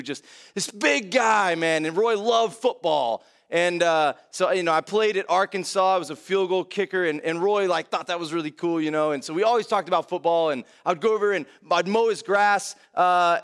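A man's voice: high-pitched, fairly bright tone. A young man preaching a casual verse-by-verse sermon, talking conversationally and filling with "man" and "like". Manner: conversational, many fillers like "man" and "like". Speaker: pastor.

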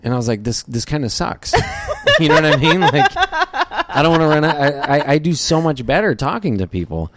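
A man's voice: a little high, wildly swooping pitch, brisk, fairly bright tone, slight background noise. A man guesting on a podcast, talking in a loose, rambling way with lots of fillers. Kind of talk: casual interview chat.

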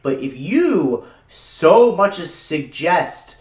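A man co-hosting a casual chat who teases his friend and jumps in quickly. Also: on the high side, very animated, darkish tone, far from the mic. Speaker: podcast co-host. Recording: echoey room, set back from the mic.

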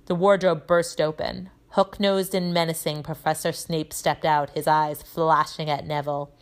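A woman's voice: low voice, moderate pace. Woman teacher reading a story aloud. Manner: lively storytelling with character voices. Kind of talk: reading a children's novel aloud.

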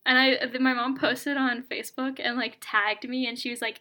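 A young woman co-hosting a podcast in casual chat, rambling with lots of "like" and animated complaining. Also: fairly high pitch, fast, few pauses. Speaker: podcast co-host. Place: home, painting her nails.

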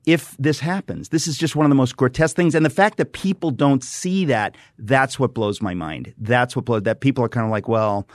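A middle-aged man talks in a studio with fervent, emphatic conviction, circling back and repeating phrases as he builds his point. His voice sits at an ordinary pitch for a man. The room sound is dry and close. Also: a little fast, few pauses, no echo. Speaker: guest author and radio host. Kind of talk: impassioned studio conversation. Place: radio studio.

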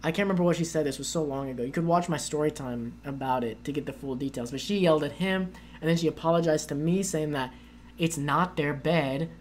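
A woman's voice: low-pitched, brisk, slight background noise. Chatty woman telling travel stories. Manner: animated, acts out quoted voices with lots of "like". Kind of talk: casual storytelling chat.

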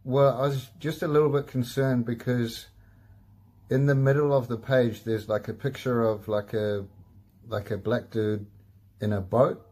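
A man's voice: medium pitch, fairly even intonation, a little slow, a little mellow. A man hosting a casual comedy podcast, laid-back and swearing a lot, laughing at himself. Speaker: podcast host.

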